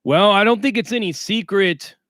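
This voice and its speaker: A man's voice: high-pitched, normal speed, a bit bright, no echo, studio quality. A man hosting a casual livestream, talking in streetwise slang and greeting viewers by name. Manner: streetwise slang, reads chat names aloud. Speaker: livestream host.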